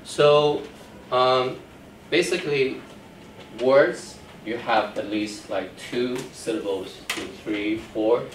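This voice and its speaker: Taking it slowly in a mid-range voice, a man teaches Chinese in a lecture format, going over the rules patiently in steps and checking students' understanding. The recording is from far off in an echoey classroom, faintly noisy.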